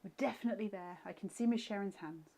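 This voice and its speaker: A woman's voice: medium pitch, quick pace, mellow. A woman co-hosting a live craft show, reading out viewer comments and answering them in a helpful, matter-of-fact way.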